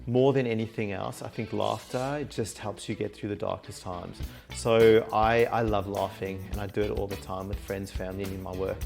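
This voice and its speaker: A lively Australian man speaks in a fairly low voice. He tells stories in a casual interview, laughing often and acting out what others said. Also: moderate pace, vocal fry, soft background music. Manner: animated storyteller, acts out quotes, laughs often. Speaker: guest, mindset and life coach.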